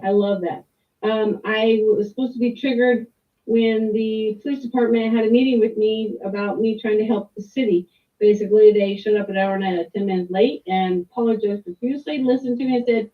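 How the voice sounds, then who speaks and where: A woman's voice: medium pitch, steady tone, brisk. A middle-aged woman giving a rambling, candid personal testimony with restarts and mild swearing. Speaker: client sharing a testimonial. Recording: tinny phone-like line, distant from the mic.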